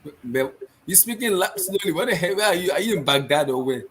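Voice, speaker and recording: A man hosting a casual football podcast, talking excitably and repeating himself. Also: high-pitched, fairly quick, slight background noise. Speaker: podcast host.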